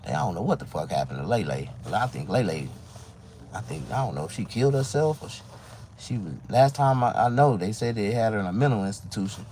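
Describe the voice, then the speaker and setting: A comedian man talking casually to his viewers, telling rambling, profane stories that swing between loud outbursts and low asides. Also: animated, fast talker, a little hiss or hum. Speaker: stand-up comedian. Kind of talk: casual monologue to camera.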